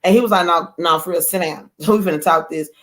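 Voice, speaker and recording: A woman guest telling a lively personal story in casual chat, acting out quoted lines. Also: on the low side, brisk. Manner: animated, acts out quoted voices. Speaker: guest author.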